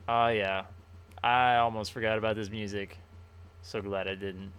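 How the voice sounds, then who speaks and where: A man's voice: on the low side, little pitch movement, normal speed, fairly bright tone, smooth. A man streaming a game playthrough, joking casually and reading on-screen text aloud.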